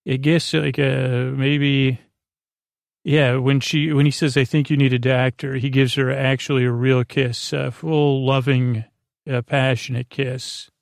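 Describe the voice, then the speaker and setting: A man hosting a sleep podcast, retelling a story in a halting, rambling way full of fillers and restarts. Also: mid-range voice, creaky, no echo, studio quality. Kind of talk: drowsy rambling recap.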